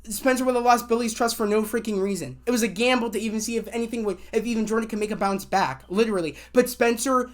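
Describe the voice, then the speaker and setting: A TV show reviewer with a slightly high voice races through a casual spoiler rant about an episode at a quick pace with few pauses. Excitable, she acts out quotes, rambles with many fillers and restarts, and swears when annoyed.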